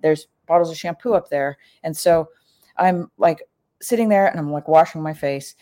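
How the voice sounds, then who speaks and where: A middle-aged woman with a lowish voice recounts a personal story in loose, casual talk. She leans on fillers and jumps up in pitch whenever she acts out what someone said. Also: moderate pace, dark tone. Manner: chatty, full of "like" fillers, acts out quoted lines with big pitch jumps.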